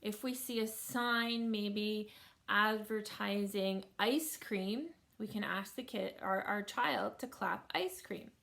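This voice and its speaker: A woman's voice: medium pitch, vocal fry, fairly bright tone, a little hiss or hum. A woman teacher giving a recorded lesson to families, patiently sounding out words syllable by syllable.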